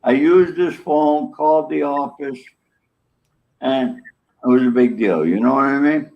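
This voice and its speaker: A man's voice: medium pitch, measured pace, vocal fry. Older man telling a story, dull audio. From New York. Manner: animated, acts out quoted dialogue. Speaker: interview guest. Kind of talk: casual storytelling.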